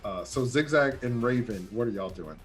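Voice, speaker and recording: A man's voice: mid-range voice, expressive, normal speed, faint music behind. A man narrating as game master, loose and full of fillers.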